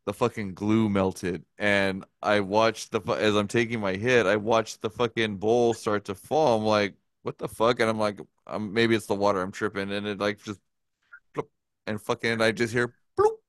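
A man's voice: lowish voice, steady tone, moderate pace, no echo. A man casually telling a story, rambling with lots of swearing and filler words. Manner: profane, rambling, many fillers. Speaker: podcast co-host telling a story.

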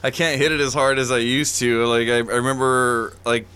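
A man's voice: medium pitch, fairly even intonation, moderate pace, bright, forceful tone, clear, resonant tone. A man in his thirties telling stories in a casual chat, laid-back, swearing and laughing.

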